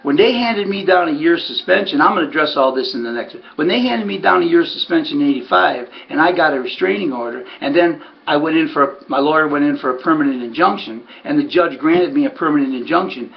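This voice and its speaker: A man's voice: fairly high pitch, animated, quick pace, vocal fry, few pauses. A man, a former harness racing trainer, telling a story and acting out other people's lines. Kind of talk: storytelling monologue. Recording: muffled lo-fi recording.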